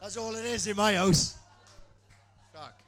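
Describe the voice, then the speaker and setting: A man with a fairly high voice chats excitably as a co-host on a live podcast. His banter is loose, and he swears freely as he talks. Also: unhurried, faint music behind.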